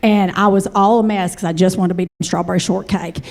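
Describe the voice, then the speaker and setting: A woman in her forties with a Kentucky accent, telling a stand-up story in a chatty, animated way and talking straight to the audience. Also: on the low side, brisk. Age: 40s. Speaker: comedian.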